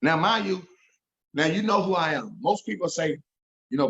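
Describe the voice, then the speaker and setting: A man's voice: fairly high pitch, expressive, normal speed, pauses often, fairly bright tone, highs cut off. A man telling an emotional story as an interview guest, earnest and repeating himself when moved.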